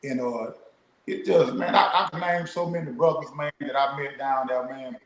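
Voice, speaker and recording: Man, middle-aged, laid-back storyteller, mid pitch, roomy echo. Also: fairly even intonation, moderate pace, a little hiss or hum. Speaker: guest, former prisoner. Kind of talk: casual storytelling.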